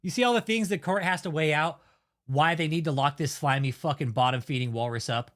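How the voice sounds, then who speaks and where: A man's voice: a little high, fairly quick, a bit bright. A man hosting his own channel, delivering a heated, heavily profane and blunt rant of commentary. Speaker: channel host. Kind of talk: angry ranting commentary.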